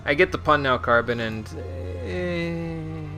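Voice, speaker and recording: A man's voice: a little high, takes it slowly, over music. A young man streaming a video game, chatting casually and mumbling to himself as he plays. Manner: mumbles to himself, chuckles often. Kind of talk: casual gameplay commentary.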